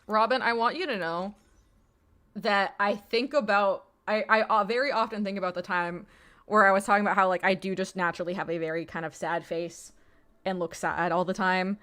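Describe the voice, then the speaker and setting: A woman's voice: mid-range voice, fairly even intonation, a little fast, a bit bright. A young woman streaming a video game from home, rambling in casual, self-deprecating commentary full of swearing and laughter. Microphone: streaming mic with webcam.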